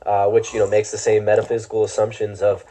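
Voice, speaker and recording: A man's voice: fairly low pitch, level tone, fast talker, dark tone. A man speaking earnestly in a conversation clip, explaining ideas at length with many fillers. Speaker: podcast guest.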